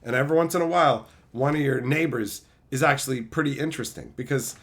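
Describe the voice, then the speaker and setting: A man's voice: medium pitch, fast talker, fairly bright tone. A man streaming a casual chat, talkative and swearing often. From Newfoundland, Canada. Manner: chatty, swears a lot.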